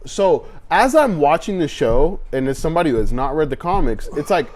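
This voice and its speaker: Man, podcast co-host, casual chat, slightly high voice, very lively pitch, excitable. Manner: animated, swearing, acts out scenes in quick voices.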